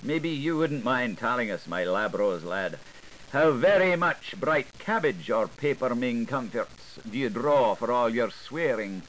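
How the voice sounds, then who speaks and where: A man's voice: mid-range voice, animated, a little slow, a bit bright, a little hiss or hum, poor audio. Man giving a theatrical literary reading. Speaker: reader. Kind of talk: dramatic reading of experimental literary prose.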